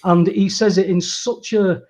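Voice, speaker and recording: Mellow husky man hosting. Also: high voice, unhurried. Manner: rambling, restarts often, animated when agreeing. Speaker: host. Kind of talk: casual conversational podcast chat.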